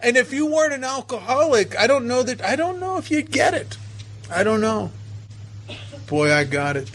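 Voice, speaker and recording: A man's voice: extremely high pitch, very animated, moderate pace, fairly bright tone, slight background noise. A man telling a personal recovery story to a meeting, emotional and self-mocking by turns. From United States. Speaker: recovery speaker.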